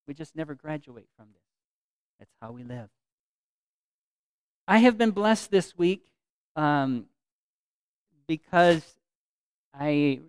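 A man preaching a sermon as pastor, earnest, repeating phrases for emphasis and swinging from loud to soft. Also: on the high side, clear, resonant tone, dry recording.

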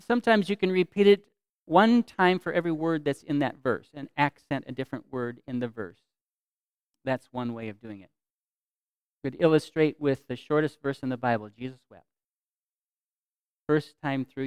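Male pastor, sermon, smooth clear voice, dry close sound, earnest, repeats phrases, loud then soft. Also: medium pitch, normal speed, pauses often, dry recording.

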